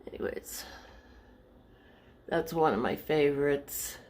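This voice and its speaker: A low-pitched woman with lively intonation speaks slowly as she walks a wall of her paintings in a home vlog, with a little hiss or hum audible. It's a casual show-and-tell, rambling, with word searches and self-corrections.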